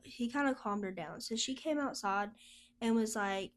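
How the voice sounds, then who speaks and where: A woman's voice: fairly high pitch, moderate pace. A woman sharing a personal testimony as a podcast guest, telling her story in a chatty, casual way and laughing often.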